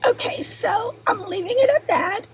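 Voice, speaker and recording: A middle-aged woman chatting casually while unboxing crafts, talking softly in a half-whisper and giggling often. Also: very high-pitched, normal speed, a little hiss or hum, poor audio. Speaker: crafting vlogger.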